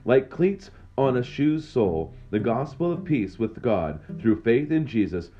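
A man giving a daily devotional and reading scripture aloud, measured and slowing at the end of each reading. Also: mid-range voice, sing-song. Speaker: devotional speaker. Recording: dull lo-fi recording with faint guitar. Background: soft guitar music.

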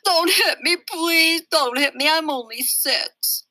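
A fussy six-year-old boy whines and blusters in a storybook reading, as a woman puts him on. His voice is high and very bright, and it sounds dry and close. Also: normal speed, no room sound. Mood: whiny. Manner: whining, tough-guy bluster.

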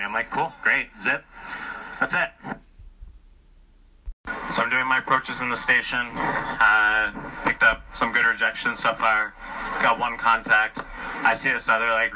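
Brief: man, bright and sharp voice, blunt and profane, rambling vlog outdoors at night, faint street noise. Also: mid-range voice, poor audio. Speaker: vlogger. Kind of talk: casual walking vlog.

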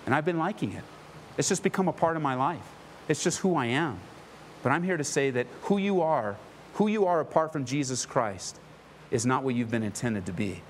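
A man's voice: medium pitch, animated, moderate pace, slight background noise. A man preaching a sermon as a pastor, impassioned and emphatic, repeating phrases for emphasis. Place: church.

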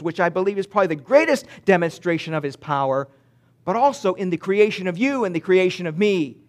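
Male pastor, fairly high voice, sermon delivery, reads verses slowly, punches key words then drops to a near hush. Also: animated. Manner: emphatic, with sudden swings between loud and hushed delivery; reads scripture slowly and deliberately.

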